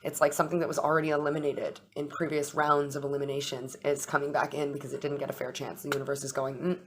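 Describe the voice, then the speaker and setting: A woman's voice: deep voice, little pitch movement, fast talker, hardly any pauses. A young woman hosting an astrology and tarot chat, talking casually, swearing freely and acting out little dialogues. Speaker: astrology and tarot channel host.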